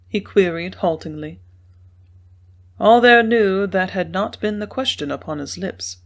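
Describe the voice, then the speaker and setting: Slow, measured woman narrator. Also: fairly low pitch. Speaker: audiobook narrator. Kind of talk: scripted narration.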